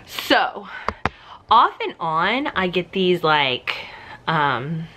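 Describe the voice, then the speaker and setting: A woman's voice: fairly low pitch, big pitch swings, extremely slow, sharp tone. A young woman chatting casually to her camera at home in a rambling way, full of "like"s, out of breath at times. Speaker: vlogger. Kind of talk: casual vlog chat. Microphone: handheld camera.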